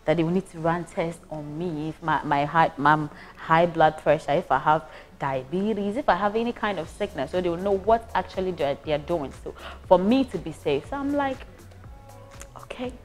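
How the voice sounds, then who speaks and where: A young Ghanaian woman casually recounting her hospital stay as a patient, animated and prone to restarts. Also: on the low side, normal speed, faint music behind. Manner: animated, acts out voices, frequent restarts. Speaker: patient giving a testimonial. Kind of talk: casual storytelling.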